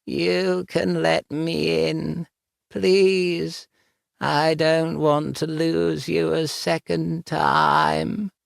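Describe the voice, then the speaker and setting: A man voicing the cold, croaking ghost of a dead woman, pleading slowly and in a hush. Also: a little high, level tone, dry recording, studio quality, voice pushed up, heavily acted. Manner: slow, hushed, beseeching.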